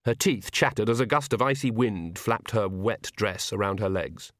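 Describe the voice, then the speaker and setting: A man narrating a comic fantasy audiobook in a measured storytelling manner. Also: on the low side, fairly bright tone, no echo, clean studio sound. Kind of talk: scripted narration.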